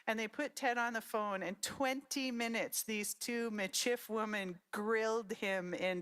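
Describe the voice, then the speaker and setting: A woman's voice: on the high side, measured pace, hardly any pauses, clear, resonant tone. A middle-aged woman from Saskatchewan giving a conference talk, telling personal family stories and acting out her relatives' words. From Saskatchewan, Canada. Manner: storytelling, animated quoting of relatives. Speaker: conference speaker.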